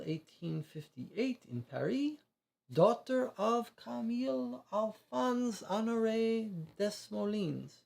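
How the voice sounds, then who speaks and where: Brief: man putting on a genteel, stiffly formal French official, raised pitch, gravelly edge, accent keeps sliding. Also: darkish tone, full character voice. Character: polite middle-aged male French diplomat.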